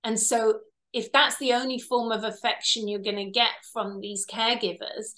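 A bright, tense-toned woman speaks at a fairly high pitch. She talks at length in an interview, explaining her healing work. She slips into little acted voices for parents and children along the way. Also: normal speed. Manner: animated, acts out quoted parents and children. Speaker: past life regressionist and healer.

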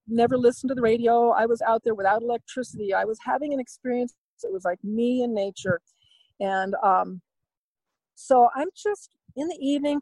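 A woman with a high voice recounts a personal story as an interview guest. She rambles and hesitates, restarting her sentences and poking fun at herself. The recording is close and dry. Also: darkish tone, no room sound, rough recording. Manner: candid, self-deprecating.

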